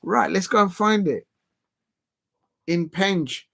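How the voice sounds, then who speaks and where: Rambling streamer with a gravelly, slightly high voice, chatting through a football watch-along. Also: male voice, slow pace, fairly bright tone. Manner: rambling, chatty, many fillers and restarts. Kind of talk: casual live-stream chat, reading viewer comments.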